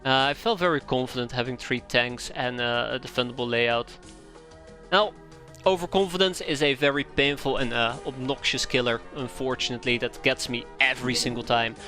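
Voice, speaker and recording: A man commentating his live gameplay stream in a bright, forceful voice, complaining aloud and repeating himself. His pitch shoots up sharply when things go wrong, with quiet game music under him. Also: moderate pace. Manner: exasperated, complains aloud, voice jumps high when upset.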